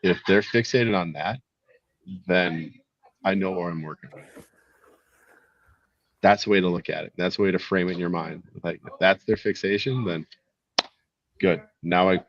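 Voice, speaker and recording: A man's voice: sits low, moderate pace, pauses often. A man, a Marine veteran hosting, telling stories in a blunt, reflective way over a video call. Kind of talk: casual chat. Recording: dry, muffled lo-fi call audio.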